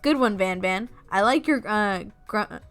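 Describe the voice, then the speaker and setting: A woman's voice: mid-range voice, measured pace, fairly bright tone, smooth, soft background music. A woman giving giggly, rambling commentary as she plays a dating game and reads its text aloud, swearing often. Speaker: game streamer.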